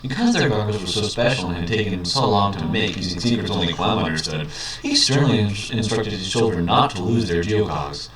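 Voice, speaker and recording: A low-voiced man reads a children's book aloud and keeps interrupting with dry, mocking asides. He sits back from the mic in a very echoey room, and a faint hiss runs underneath. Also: fairly quick, far from the mic. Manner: mocking, deadpan commentary. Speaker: reader.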